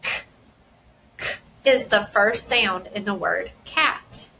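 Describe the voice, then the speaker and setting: A woman who works as a school dyslexia specialist, giving a careful explanation and deliberately sounding out words and their parts. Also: medium pitch, creaky, pushed and bright, a little hiss or hum, poor audio. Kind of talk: instructional explanation.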